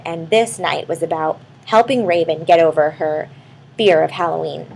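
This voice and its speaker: A woman telling an improvised bedtime story to a child, speaking warmly and turning to the listener with questions. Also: low-pitched, creaky, slight background noise, rough recording. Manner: warm, addresses the listening child directly.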